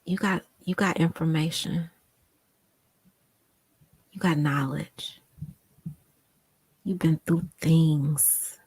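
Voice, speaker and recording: A woman hosting a casual live stream, reading viewer comments aloud and speaking with emphatic, impassioned repetition, sometimes sinking to a hushed near-whisper. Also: deep voice, steady tone, extremely slow, long pauses, slightly rough, no room sound, studio quality. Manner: impassioned and emphatic, repeats phrases for stress; drops to a hushed near-whisper when moved. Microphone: home desktop setup with monitor.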